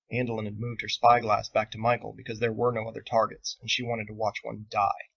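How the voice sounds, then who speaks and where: Male author narrating a novel, gravelly, husky, dull lo-fi recording. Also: lowish voice. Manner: steady, measured storytelling. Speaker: author reading his novel. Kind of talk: audiobook narration.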